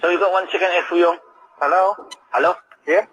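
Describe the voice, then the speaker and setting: A man working at a takeaway, taking an order over the phone briskly and repeating himself. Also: high voice, fairly even intonation, a bit bright, muffled recording, a little hiss or hum. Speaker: takeaway worker. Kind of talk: phone call.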